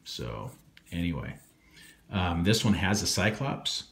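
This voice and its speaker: A man with a low voice walks through a watch comparison in a relaxed, rambling way. He keeps checking in with a quick "okay?" and fills his pauses with ums. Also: vocal fry, slight background noise. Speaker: watch reviewer. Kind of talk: casual product review.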